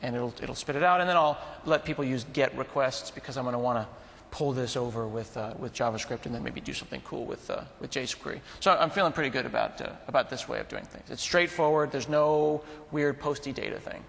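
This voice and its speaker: A man's voice: mid-range voice, animated, a little fast, gravelly, hardly any pauses, fairly bright tone, in a large hall. A man co-presenting a tech talk in a laid-back, jokey way, calling people dude. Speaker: conference presenter. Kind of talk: joking tech talk banter.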